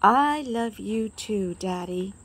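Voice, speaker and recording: A woman's voice: a little high, animated, measured pace, gravelly, slightly rough, heavily acted. A woman voicing a sweet, eager little girl getting ready for bed.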